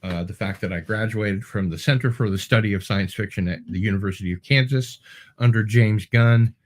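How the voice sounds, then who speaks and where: A man's voice: fairly low pitch, a little fast. A man hosting a casual livestream, answering viewer comments in a rambling, digressive way with many ums and restarts and wry asides. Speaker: show host.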